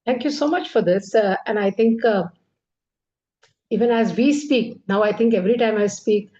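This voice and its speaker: A woman hosting an online interview, asking questions in a gentle, hesitant way over a video call. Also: mid-range voice, normal speed. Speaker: interview host. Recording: muffled call audio.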